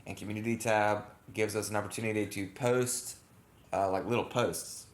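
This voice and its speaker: A man's voice: on the low side, steady tone, moderate pace. A man co-hosting a casual reaction chat, rambling with lots of fillers and self-corrections. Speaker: channel co-host. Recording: echoey room.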